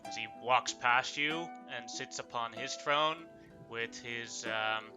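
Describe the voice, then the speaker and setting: A man narrating as game master in a live tabletop game, halting with many fillers. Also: mid-range voice. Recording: live stream with music behind.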